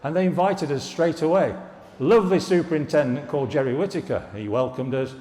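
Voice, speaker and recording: An older man with a somewhat high voice tells stories to a live audience with dry humor and jokey asides. His voice rings out in a big hall, with a long reverberant tail behind every phrase. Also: fairly quick, a little mellow. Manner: storytelling, wry asides and jokes. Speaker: former students' union president giving an anniversary speech. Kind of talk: anecdotal speech to an alumni audience. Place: large hall at a live event. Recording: echoey hall, reverberant room.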